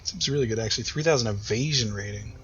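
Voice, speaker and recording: A man's voice: lowish voice, fast, a bit bright, dull audio, a little hiss or hum. An American man thinking aloud and rambling through casual let's-play commentary, with self-deprecating asides. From United States. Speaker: gaming YouTuber.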